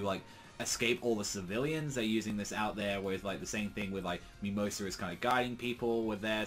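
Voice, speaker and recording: A man with a fairly low voice rambles through a casual manga recap, full of fillers and crude asides. Faint music sits quietly behind him. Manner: rambling, heavy use of fillers, profane asides. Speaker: manga reviewer.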